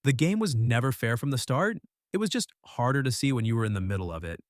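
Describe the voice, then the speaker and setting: A man narrating a scripted voice-over in a calm, matter-of-fact way. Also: mid-range voice, fast, no room sound, clean studio sound.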